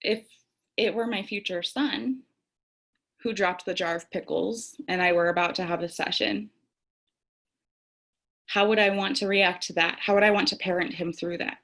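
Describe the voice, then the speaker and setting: A woman's voice: medium pitch, fairly even intonation, normal speed, pauses often, a bit bright. A young woman speaking candidly to camera about tarot and self-care, reflective and conversational, laughing at herself now and then. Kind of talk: reflective spiritual talk to camera.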